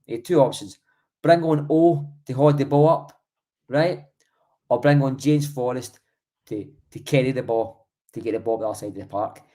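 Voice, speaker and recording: A man's voice: mid-range voice, moderate pace, dark tone. A Scottish man co-hosting a football podcast, talking in a blunt, emphatic and sweary way. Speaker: podcast co-host. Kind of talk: heated football chat.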